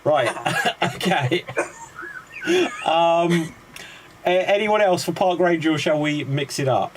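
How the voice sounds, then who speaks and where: A man hosting improv games with a fairly high voice and a light hiss of noise behind him. He jokes, laughs between prompts and calls on each player by name. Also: slow. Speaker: improv show host. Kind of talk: casual comedy banter.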